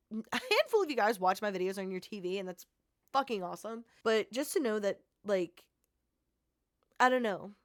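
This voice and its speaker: A young woman talks straight to the camera in a casual vlog recap, gushing and rambling, filling her sentences with "like". Her pitch sits in a mid range, and the recording is dry and close with no room echo. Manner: rambling, heavy use of "like", heartfelt and gushing. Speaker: content creator.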